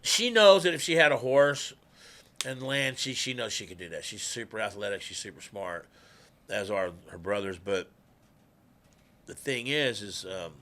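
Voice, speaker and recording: Texas guy telling stories, chatty and drawly, bright sharp voice, middle aged. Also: on the low side, animated, normal speed. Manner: chatty, laughing, drawling storyteller. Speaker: guest musician. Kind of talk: casual storytelling.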